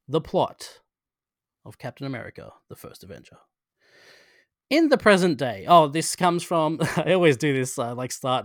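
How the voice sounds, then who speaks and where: Male co-host, slightly high voice, rambling and self-interrupting, dry close mic. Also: fairly bright tone, dry recording. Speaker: podcast co-host. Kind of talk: casual chat and reading a plot summary.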